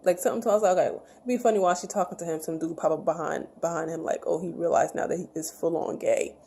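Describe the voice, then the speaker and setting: A woman recaps a TV episode in a casual, chatty way. She jumps into the characters' voices as she goes. Her tone is mellow with a slight gravel, and a faint noise floor sits under the recording. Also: on the low side, fairly even intonation, fast talker. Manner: chatty, retells scenes acting out characters' lines. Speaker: show review vlogger.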